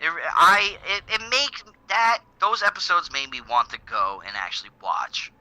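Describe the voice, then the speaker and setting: A man's voice: fairly high pitch, moderate pace, bright, forceful tone, no echo, low-quality recording. A man co-hosting a podcast in casual chat, retelling scenes with lots of swearing and put-on voices. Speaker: podcast co-host.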